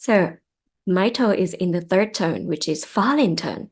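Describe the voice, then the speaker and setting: A young woman with a Thai accent, a native Thai speaker, patiently teaching beginners to read Thai. She explains step by step and repeats each word slowly for learners to follow. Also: mid-range voice, lively intonation, slightly rough. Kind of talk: step-by-step reading lesson.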